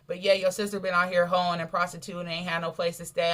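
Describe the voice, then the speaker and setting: Woman preacher, lowish voice, emphatic and colloquial, repeats for stress. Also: level tone, fast talker, hardly any pauses, a bit bright. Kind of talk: sermon.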